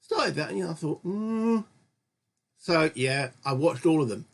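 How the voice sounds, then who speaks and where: Husky man chatting over a board game. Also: a little high, a little fast. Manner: chatty and rambling, often correcting himself. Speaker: host of a gaming channel. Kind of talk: casual solo board game let's-play commentary.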